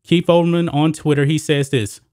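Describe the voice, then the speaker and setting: A man's voice: on the high side, steady tone, normal speed, a little mellow, no echo, studio quality. A man hosting a solo sports commentary show, talking casually to his viewers as guys and folks.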